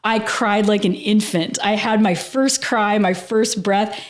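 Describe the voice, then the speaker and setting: Woman guest on a podcast, heartfelt and rambly, says like a lot, normal pitch. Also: fairly even intonation, unhurried. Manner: earnest and emotional, heavy use of "like". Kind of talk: casual interview storytelling.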